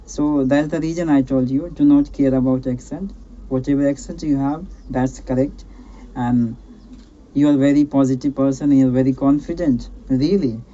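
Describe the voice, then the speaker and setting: A man's voice: mid-range voice, fairly even intonation, moderate pace, dark tone, dull audio. A man coaching a learner on a call, encouraging and repetitive, often checking in with "right?". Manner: encouraging, repetitive, peppers speech with "right?" and "you know". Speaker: English speaking coach hosting a practice call. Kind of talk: casual advice chat on a call.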